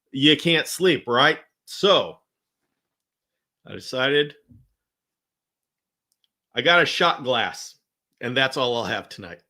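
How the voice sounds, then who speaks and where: A man hosting a casual live-stream Q&A, chatting and greeting viewers by name with bursts of excitement. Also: mid-range voice. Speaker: host of a live chameleon Q&A.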